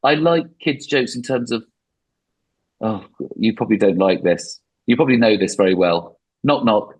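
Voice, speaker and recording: A middle-aged man talks as a podcast guest, rambling and mocking himself. His voice is slightly husky. His pitch swings widely as he goes. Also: moderate pace, poor audio. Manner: rambling, self-deprecating, animated. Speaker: comedian guest. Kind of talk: podcast interview.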